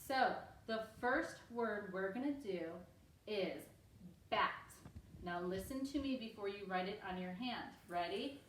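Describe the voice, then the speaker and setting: A woman teaching a reading lesson to young children at home, upbeat and encouraging, speaking slowly and clearly. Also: mid-range voice, reverberant, distant mic, slight background noise, poor audio.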